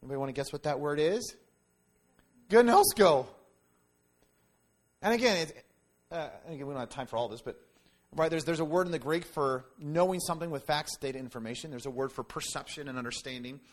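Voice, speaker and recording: A man preaching a sermon in an animated, conversational way, with jokes and quick asides to the congregation. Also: fairly high pitch. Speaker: pastor.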